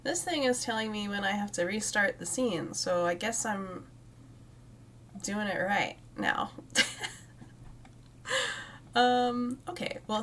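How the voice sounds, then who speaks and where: A young woman with a medium-pitched voice plays a cozy game on stream, chatting casually and frequently giggling while she talks to the plants. There's slight background noise.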